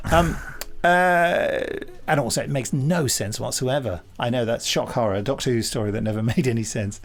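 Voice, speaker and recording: A man's voice: medium pitch, normal speed, slight background noise. A man co-hosting a podcast, chatting in a wry, digressive way. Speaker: podcast co-host. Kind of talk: casual podcast commentary chat.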